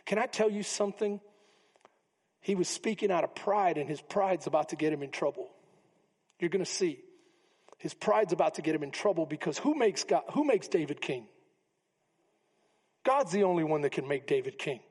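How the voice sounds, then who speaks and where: A male pastor, preaching a sermon, animated and humorous, acting out the voices in the story. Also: sits high, normal speed, long pauses, slightly rough. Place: church sanctuary. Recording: long reverb of a church hall.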